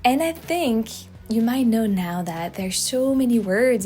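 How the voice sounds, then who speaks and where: A young French woman with a French accent hosts a YouTube video, explaining things casually and emphatically to camera with frequent restarts. Her mellow, medium-pitched voice has lively intonation and a moderate pace, with soft music in the background.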